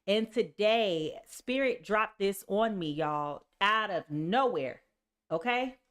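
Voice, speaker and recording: A woman's voice: medium pitch, animated, takes it slowly, fairly bright tone. A woman reading tarot on a live stream in an emphatic, casual way, often saying "okay" and "y'all". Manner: sings snatches of songs and reads lyrics aloud. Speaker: tarot reader.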